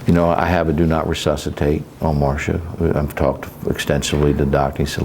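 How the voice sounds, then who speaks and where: A fast-talking middle-aged man with a darkish bass voice and flat delivery tells stories in a candid interview. A caregiver and sales coach, he rambles plainly, leaning on fillers and restarting often, while faint background noise runs underneath.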